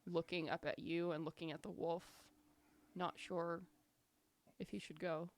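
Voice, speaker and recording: A woman narrating as the game master of a tabletop game, describing scenes in an unhurried way with fillers. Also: lowish voice, flat delivery.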